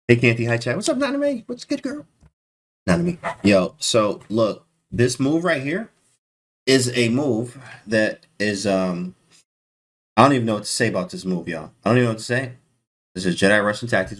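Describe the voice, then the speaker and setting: A man commentating chess live to his stream chat, excitable and disbelieving, talking in casual slang. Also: low voice.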